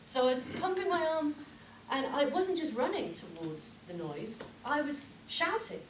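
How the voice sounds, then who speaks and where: A woman giving a humorous club speech, telling a story with lively shouted reenactments. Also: high voice, measured pace. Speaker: contest speaker. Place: club meeting room with audience. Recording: echoey room from far off, noisy.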